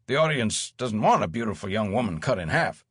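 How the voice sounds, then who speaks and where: A man's voice: on the low side, sing-song, a little fast, slightly rough, dry recording, clean studio sound. A man voicing a worried middle-aged stage manager, speaking in an anxious, hesitant way in an audiobook. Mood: reluctant. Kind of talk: audiobook character voice.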